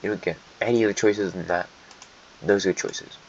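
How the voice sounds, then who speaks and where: Male narrator, lowish voice, dry sarcastic map commentary, dull home mic with faint hiss. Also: fairly even intonation, brisk. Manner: offhand, sarcastic, mutters asides while drawing. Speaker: alternate history narrator. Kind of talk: casual map-drawing narration.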